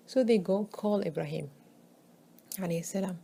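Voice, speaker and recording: Husky-voiced woman telling a religious story. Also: fairly low pitch, moderate pace, warm tone. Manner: conversational, checks in with "okay?", repeats for emphasis.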